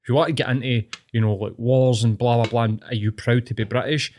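A man's voice: mid-range voice, steady tone, quick pace, a little mellow. A young Scottish man hosting a podcast, giving blunt, sweary, opinionated rants in casual chat. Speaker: podcast host.

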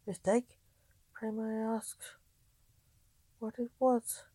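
A woman's voice: a little high, flat delivery, takes it slowly, warm tone, no echo, pitched above the performer's own voice. A woman voicing a prim, disapproving young lady in a story reading.

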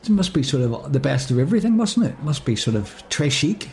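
Guy babbling on, lively up and down voice. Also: on the high side, a little fast, slight background noise. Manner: rambling, self-aware babbling. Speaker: co-host. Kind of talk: casual comic chat.

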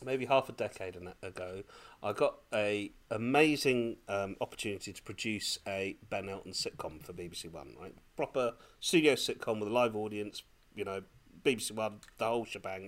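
A man on a podcast telling a lively personal story in casual chat, laughing often as he goes. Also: on the low side, brisk. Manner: animated, laughing, breathless when excited. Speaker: podcast co-host.

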